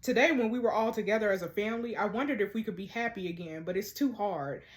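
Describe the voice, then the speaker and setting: A woman voicing a heartbroken young mother torn over her marriage, reading game dialogue aloud in a soft, low, subdued way. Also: fast, close to an everyday voice.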